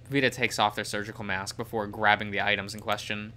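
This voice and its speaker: Guy reading a visual novel out loud, lowish voice, really bright tone. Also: flat delivery, quick pace, hardly any pauses. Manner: plain narration with fillers. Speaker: game reader.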